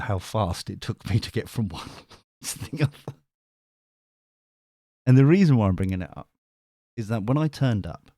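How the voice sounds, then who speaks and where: A man's voice: lowish voice, dark tone, no echo, clean studio sound. A middle-aged man telling a rambling story on a live stream, full of restarts and casual swearing. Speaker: tarot reader and live streamer.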